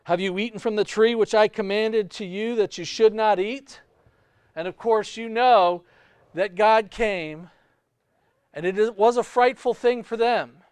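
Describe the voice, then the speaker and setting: A man preaching a sermon with a high, smooth, resonant voice. He delivers it emphatically, swinging between loud, stretched-out phrases and quieter, lower asides. The sound is dry and close. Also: unhurried, no echo. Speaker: pastor.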